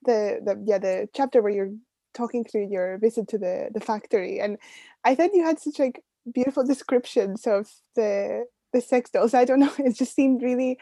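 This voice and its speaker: Higher-pitched woman host, dry sound. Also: normal speed, no room sound. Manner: warm, hesitant, with filler words and laughs. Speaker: podcast host. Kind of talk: casual conversation.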